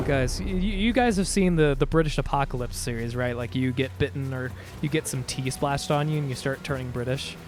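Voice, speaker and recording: A man's voice: mid-range voice, moderate pace, few pauses, a little hiss or hum. A man streaming a game, chatting casually and joking with his viewers. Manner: playful, jokey, chatty with viewers. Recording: faint music behind.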